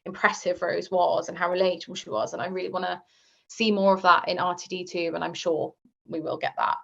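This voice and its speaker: A woman's voice: on the low side, level tone, fairly quick, vocal fry, a bit bright. Chatty woman guest, muffled sound. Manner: chatty, leans on fillers like "like" and "um". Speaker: guest author. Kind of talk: casual podcast interview. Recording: slightly muffled lo-fi recording.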